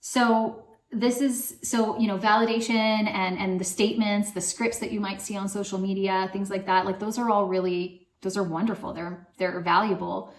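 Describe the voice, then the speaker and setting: Gentle mother talking in an echoey room. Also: medium pitch, fairly even intonation, moderate pace. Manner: gentle and conversational, frequent fillers and soft laughs. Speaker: parenting channel host. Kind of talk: casual talk answering viewer questions.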